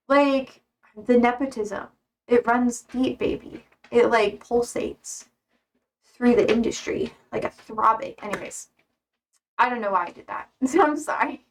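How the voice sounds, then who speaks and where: A young American woman streaming, rambling casually with many fillers and swear words, jumping high in pitch when she quotes people. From United States. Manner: animated, jumps high for quoted voices. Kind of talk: casual chat with chat readers.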